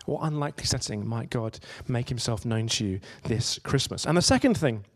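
A man's voice: medium pitch, expressive, brisk. A man giving a conversational sermon, telling stories and asking his listeners rhetorical questions. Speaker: preacher.

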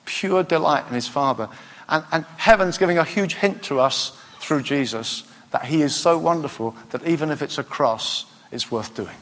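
A man preaching a sermon with passion, swinging from soft, intimate lines up to loud, emphatic peaks. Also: on the high side. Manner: impassioned, rising to loud emphatic peaks then dropping soft. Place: church hall. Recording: preached in a reverberant hall.

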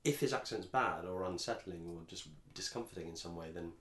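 A man's voice: low-pitched, fairly quick, fairly bright tone, echoey room. An English man co-hosting a podcast, chatting casually and rambling with frequent restarts. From England. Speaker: podcast co-host. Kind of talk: casual chat.

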